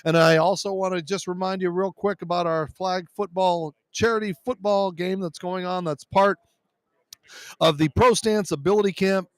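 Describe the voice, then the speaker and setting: A high-pitched man signs off a sports talk show, tired and a bit hoarse from a long day of broadcasting. He rambles casually through sponsor plugs with plenty of fillers, close on a dry, direct mic. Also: fairly even intonation, normal speed, dry recording. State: tired, losing his voice. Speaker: show host. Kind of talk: live radio show sign-off with sponsor reads. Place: busy media row at a sports event.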